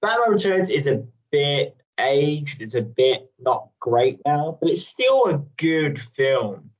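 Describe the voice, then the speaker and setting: A man's voice: fairly high pitch, sing-song, takes it slowly. A man chatting casually on a podcast, rambling and playful, often laughing. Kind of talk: casual chat. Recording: dull lo-fi sound.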